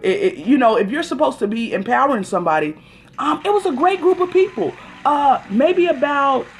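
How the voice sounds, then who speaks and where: A woman's voice: high voice, expressive, a little fast, faint music behind. A woman hosting a casual phone livestream, telling an exasperated story and greeting viewers by name as she goes. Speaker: livestream host.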